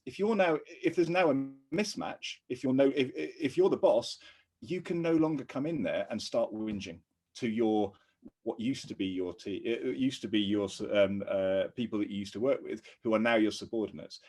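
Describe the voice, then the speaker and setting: A man's voice: medium pitch, moderate pace, a little mellow. A man co-hosting a podcast, explaining workplace leadership in an earnest, easygoing way that breaks into laughter. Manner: earnest, laughs easily, lots of restarts. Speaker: podcast co-host, ex-army officer. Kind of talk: casual conversational explanation.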